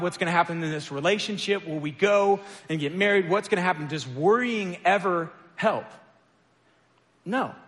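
A man's voice: sits high, a bit bright. A man giving a casual sermon, telling stories about himself with a light self-deprecating touch and plenty of filler words. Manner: conversational, self-deprecating storytelling with many fillers. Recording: echoey hall with long reverb.

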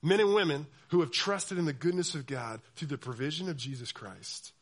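A young man preaches to a youth crowd, his voice sitting high for a man. He is animated, breaking into the voices of the people he describes. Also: normal speed. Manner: animated, acts out quoted voices. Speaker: youth pastor. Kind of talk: sermon.

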